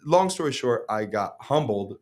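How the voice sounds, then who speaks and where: A young man, an actor, telling his story on a casual podcast in a profane, animated way with many restarts. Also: medium pitch, moderate pace. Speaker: actor guest.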